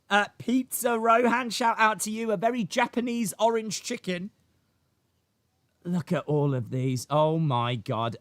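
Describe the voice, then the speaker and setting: A man hosting a live stream, reacting excitedly to chat, shouting and laughing. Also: sits high, dry recording. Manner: animated, shouts and laughs reading chat names.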